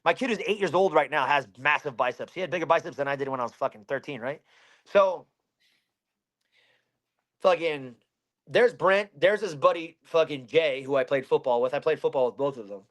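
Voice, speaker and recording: A man's voice: on the high side, moderate pace, fairly bright tone. A man in his thirties from Pennsylvania, a fighter telling a story in an interview, blunt and heavy with swearing.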